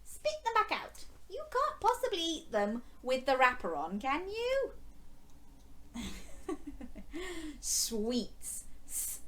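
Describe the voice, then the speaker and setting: A woman teaching a phonics lesson to young children, animated and sing-song, with exaggerated gasps of surprise and drawn-out letter sounds. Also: high voice.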